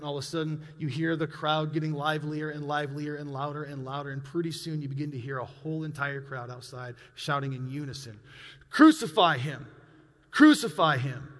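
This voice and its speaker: Earnest male preacher, somewhat high-pitched, vivid storyteller, booming church acoustics. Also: a bit bright, in a large hall. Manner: earnest, imaginative storytelling, rising for emphasis. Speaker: pastor. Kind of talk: sermon. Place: church sanctuary.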